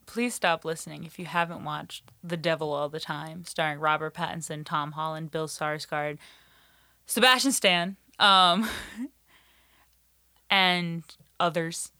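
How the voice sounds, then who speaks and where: A woman chatting casually as a podcast guest, telling animated stories with lots of "like" fillers and frank swearing. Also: deep voice, a little slow. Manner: animated storytelling, many "like" fillers, swears freely. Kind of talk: casual chat.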